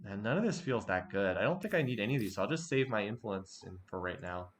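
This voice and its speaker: A man commentating his strategy game as he plays, halting and repeating himself when frustrated. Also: fairly low pitch, lively intonation, slight background noise. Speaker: game streamer. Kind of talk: let's play commentary.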